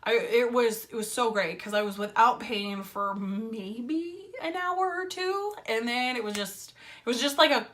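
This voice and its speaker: Chatty woman vlogger, slightly high voice. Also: a little slow, fairly bright tone. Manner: chatty, filler-heavy storytelling with wry sarcasm. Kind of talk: casual story time.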